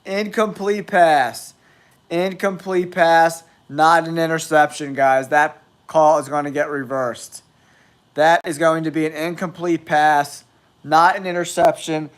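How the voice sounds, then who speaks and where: Nasal man with a cold, slightly high voice, unhurried, blunt live-stream sports commentary. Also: steady tone. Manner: blunt, exasperated trash talk. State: has a cold. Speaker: host of a football live stream.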